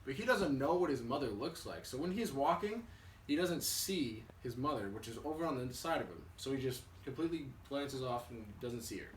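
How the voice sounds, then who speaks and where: A man's voice: mid-range voice, fairly quick, roomy sound. Young man, casual storyteller, chatty, distant mic, faint background hiss. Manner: relaxed, chatty, with fillers and restarts. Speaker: student.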